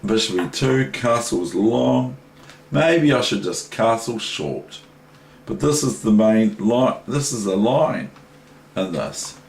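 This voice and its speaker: A man's voice: mid-range voice, expressive, takes it slowly, vocal fry. A man teaching chess, talking through a game in a chatty, rambling way with many asides. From New Zealand. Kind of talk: casual chess lesson analysing a game. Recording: echoey room with faint noise.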